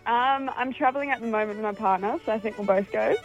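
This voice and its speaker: A woman's voice: on the high side, quick pace, dull audio, soft background music. A young woman calling in to a radio show, sounding nervous and hesitant. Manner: nervous, hesitant, soft-spoken. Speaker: caller. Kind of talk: on-air phone call.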